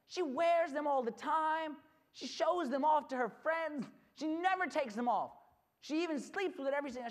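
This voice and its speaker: A retreat speaker preaches through a story, lively and animated, acting out each character. The talk stays energetic and direct with the gathered crowd. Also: high voice, moderate pace. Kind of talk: storytelling sermon.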